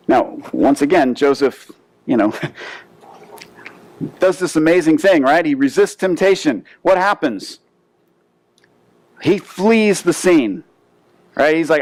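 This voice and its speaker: A male pastor preaching a sermon, telling a story with lively asides and frequent word restarts. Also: fairly high pitch, normal speed, dry recording, poor audio.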